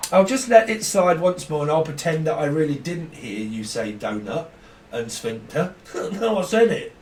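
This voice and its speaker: A man's voice: a little high, lively intonation, moderate pace, a little mellow, a little hiss or hum. A man giving a casual tarot reading, rambling, laughing often and swearing freely. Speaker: tarot reader. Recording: echoey room, mic at a distance.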